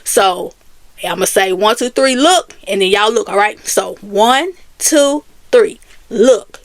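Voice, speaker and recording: A woman casually telling a personal story to her viewers, animated and talking straight to them. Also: medium pitch, slow pace, no room sound. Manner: animated, Southern US Black vernacular phrasing, addresses viewers as y'all.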